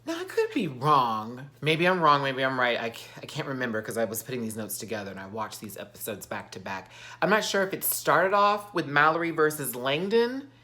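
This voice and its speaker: A man's voice: mid-range voice, big pitch swings, brisk, few pauses, bright, forceful tone. A man ranting through a TV recap in a sassy, campy, theatrical way. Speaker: TV recap vlogger. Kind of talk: animated TV recap rant.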